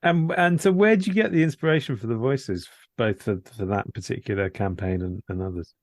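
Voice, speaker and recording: Brief: male interviewer, low pitch, dry recording, calm questions that trail off. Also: a little fast, dry recording. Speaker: podcast host.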